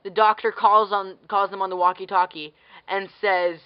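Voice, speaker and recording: A woman's voice: mid-range voice, flat delivery, moderate pace, clear, resonant tone, lo-fi sound. A woman giving a casual ranting movie review as a vlogger, blunt and sarcastic, swearing freely and firing off exasperated questions.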